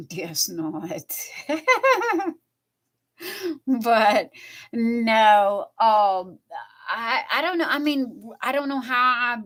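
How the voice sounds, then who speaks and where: Crafting on a livestream from her home, a Southern American woman rambles chattily through drawn-out tales. She speaks with a slightly high voice and a fairly bright tone.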